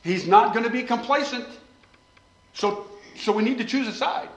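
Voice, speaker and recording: A man preaching a sermon with passion, swinging between loud pleading and quiet asides. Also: very high voice, normal speed, reverberant, poor audio.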